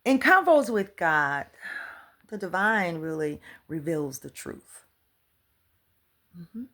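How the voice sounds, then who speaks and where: A woman giving a casual spiritual talk to her viewers, chatty and animated, laughing often and slipping into a near whisper. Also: fairly low pitch, slow pace. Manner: colloquial, repeats "for real" and "come on". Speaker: spiritual author and life coach.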